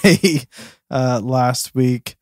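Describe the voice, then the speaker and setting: A man's voice: mid-range voice, extremely slow, dry recording, studio quality. A man from Florida co-hosting a podcast, telling news stories in a hesitant, filler-heavy way. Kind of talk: casual chat.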